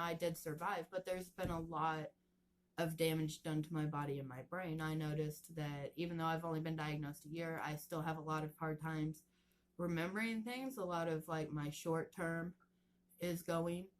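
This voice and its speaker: A woman in her thirties, talking earnestly in a casual personal vlog and explaining things plainly, with halting restarts. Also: low-pitched. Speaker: vlogger.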